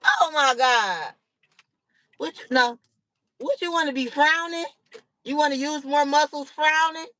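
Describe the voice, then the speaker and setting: A woman's voice: high-pitched, unhurried, pauses often, bright, forceful tone, dry recording, low-quality recording. A woman, hosting a casual livestream chat from home, laughing heartily and teasing playfully. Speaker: channel host.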